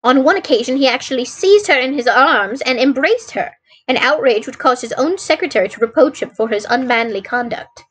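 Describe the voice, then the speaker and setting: A woman voicing an anxious middle-aged landlady who pleads in a formal way. The voice sits higher than usual and rises as she grows agitated. It comes across as an old storybook reading. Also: animated, a little fast, fairly bright tone, husky, full character voice, poor audio.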